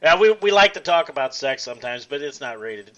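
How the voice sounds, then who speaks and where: A man's voice: mid-range voice, animated, brisk, fairly bright tone, muffled recording. A male talk show host chatting casually, joking and giggling, often tripping over his words.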